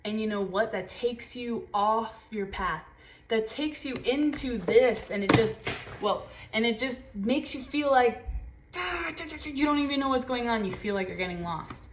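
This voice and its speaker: A woman giving a casual tarot reading, talking intensely and swearing freely. She drops to low murmurs and jumps to high exclaims as she gives a spiritual pep talk. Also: animated, a little slow, a little hiss or hum. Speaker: tarot reader.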